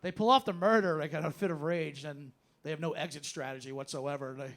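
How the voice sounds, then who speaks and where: A man doing a stand-up comedy set on a club stage, telling stories in an animated way and breaking into shouted bits. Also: on the high side, fairly quick. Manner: animated storytelling, bursts into shouted impressions.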